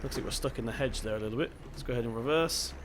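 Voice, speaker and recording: A young gaming channel host from Devon talks over his gameplay very fast, in a soft local accent and an ordinary middle pitch. He's easygoing and chatty, thinking aloud, while a faint hum of game audio plays behind him.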